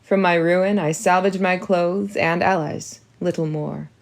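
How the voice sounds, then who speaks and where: A woman's voice: fairly low pitch, steady tone, a little slow, creaky. A woman voicing an indulgent middle-aged father in a storybook reading. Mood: calm.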